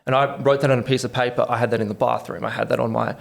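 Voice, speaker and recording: A young Australian man in his twenties speaks as a podcast guest, rattling through his story at a brisk clip. His voice has a gravelly, creaky edge, and he animates the tale by acting out the quotes. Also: medium pitch, little pitch movement. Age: 20s. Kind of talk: casual interview.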